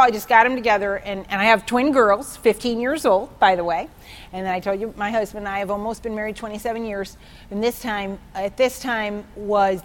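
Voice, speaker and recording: A woman in her forties giving a personal testimony at a church meeting, telling her story with feeling and sudden high exclamations. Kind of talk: testimony sermon.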